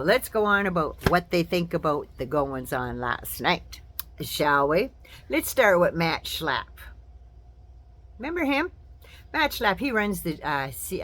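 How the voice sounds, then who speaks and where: An older woman vents about politics in a casual, sarcastic vlog commentary. Her voice sits a little low for a woman. She keeps dropping mocking asides as she rants. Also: fairly bright tone. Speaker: vlogger.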